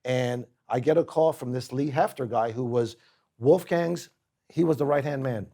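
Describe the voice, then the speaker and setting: A man's voice: mid-range voice, moderate pace. A man from Puerto Rico, a guest chef telling stories casually and acting out the people in them. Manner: animated, acts out the people in his stories. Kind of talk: casual storytelling on a podcast.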